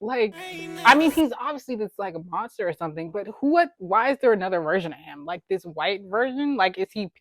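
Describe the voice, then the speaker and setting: A woman hosting a casual music video reaction, excitable and teasing, exclaiming often. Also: medium pitch. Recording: faint music in background. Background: music video playing faintly.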